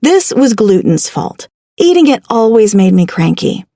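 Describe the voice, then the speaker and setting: A woman narrating a first-person audiobook in a wry, expressive storytelling manner, recorded on a studio microphone. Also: fairly high pitch, a little slow, dry recording.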